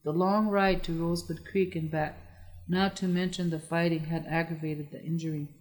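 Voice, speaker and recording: An audiobook narrator reading a historical novel in a steady, measured way. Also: mid-range voice. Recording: long echoey reverb.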